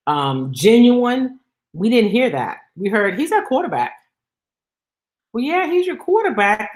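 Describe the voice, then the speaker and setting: Hosting a sports talk show, a woman reads listener comments and responds in a casual style. Her commentary is emphatic and exasperated, with animated jumps in pitch.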